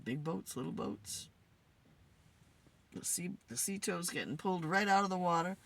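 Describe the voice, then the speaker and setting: A woman host talking to spirits in a casual, musing way, tired and low on energy. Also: expressive, normal speed, vocal fry. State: tired, yawning. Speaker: spirit communicator and channel host. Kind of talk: casual spirit session monologue. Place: in a car.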